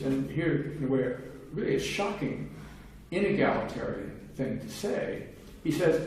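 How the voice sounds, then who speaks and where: A man's voice: medium pitch, very animated, a little slow, hardly any pauses, a little mellow. Man lecturing in a very echoey hall. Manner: explains at length with wry, casual asides. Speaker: philosophy lecturer. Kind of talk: conversational academic lecture. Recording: very echoey room, distant mic, faint noise.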